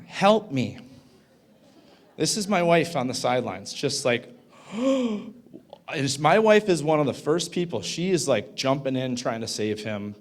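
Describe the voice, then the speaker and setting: A man in his thirties speaks to a conference audience. He tells a story in a loose, chatty way, full of fillers. He keeps checking in with the room. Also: medium pitch. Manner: casual, filler-heavy, asks the audience "right?". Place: conference hall.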